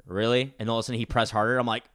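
A man's voice: medium pitch, little pitch movement, racing, a bit bright. A young man hosting a podcast, chatting casually and telling rambling stories full of "like" and restarts. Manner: rambling, filler-heavy storytelling. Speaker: podcast host. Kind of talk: casual chat.

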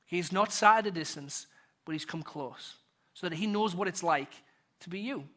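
High, bright British pastor preaching. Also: male voice, normal speed. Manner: rhetorical questions, builds and drops in volume. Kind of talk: sermon.

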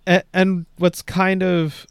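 A man's voice: sits high, flat delivery, takes it slowly, creaky, clean tone, dry recording, studio quality. A man co-hosting a podcast, chatting casually and sardonically about the news and swearing freely. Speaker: podcast co-host. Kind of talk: casual news commentary chat.

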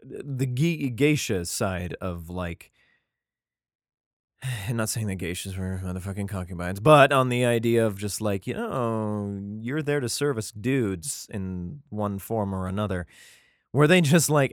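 A man's voice: fairly low pitch, lively intonation, measured pace, no room sound, clean studio sound. A man reading old scripture aloud at home, breaking off into irreverent, heavily profane joking commentary.

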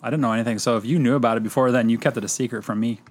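A man's voice: medium pitch, steady tone, very fast. A man co-hosting a film review podcast, chatting casually with dry, wry remarks. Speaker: podcast co-host. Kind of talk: casual chat.

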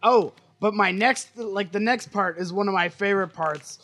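A man with a bright, fairly high voice sums up a movie's scenes with wry amusement, chatting on a podcast. The sound is dry and close to the mic. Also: normal speed, dry recording. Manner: wry, amused, recounting scenes with mock quotes. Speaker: podcast co-host. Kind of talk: casual movie-review chat.

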